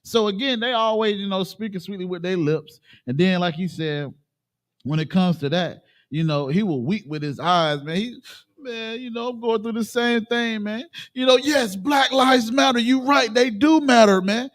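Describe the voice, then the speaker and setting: A man leading a religious class, talking in an animated, emphatic way and acting out the voices he quotes. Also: high voice, moderate pace. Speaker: class leader. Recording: live-streamed group class.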